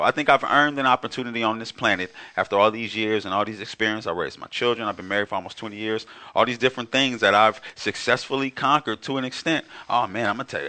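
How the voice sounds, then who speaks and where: Man, 40s, guest musician, quick bright delivery, emphatic and reflective. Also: on the low side. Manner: reflective, emphatic, restarts words. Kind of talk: casual conversation.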